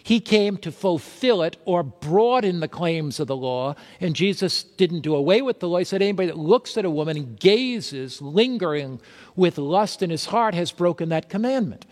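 Male preacher, high voice, rhetorical questions, sermon in an echoing hall. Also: expressive, normal speed, a little mellow. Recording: long hall reverb.

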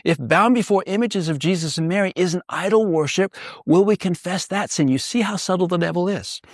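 A man's voice: sits high, brisk, no echo, clean studio sound. A male pastor teaching a Bible study, earnest and emphatic, asking rhetorical questions.

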